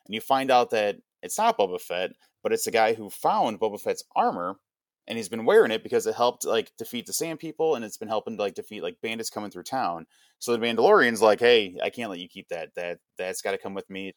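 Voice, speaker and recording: A young man on a podcast, excitedly recapping an episode in a rambling, casual way full of "like". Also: lowish voice, fairly quick, no room sound. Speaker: podcast co-host. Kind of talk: casual pop-culture chat.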